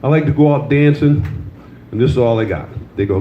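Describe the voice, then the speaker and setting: A fast-talking older man with a medium-pitched voice performs crude, loose stand-up, spinning stories and teasing people in the club. A faint hiss or hum runs through the slightly dull, roomy live audio.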